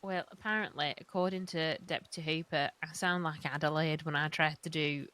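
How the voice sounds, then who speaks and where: A woman's voice: sits low, steady tone, a little fast, a bit bright. A woman from northern England with a Northern English accent, chatting in a wry, bemused way during a roleplay. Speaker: roleplay character. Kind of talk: in-character roleplay chat.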